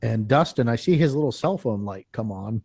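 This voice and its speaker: A man's voice: medium pitch, normal speed, creaky, slightly rough, dry recording. A man telling a long field story as a guest in a live interview, acting out what people said and often restarting his sentences. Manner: animated, acts out quoted speech; rambling with frequent restarts.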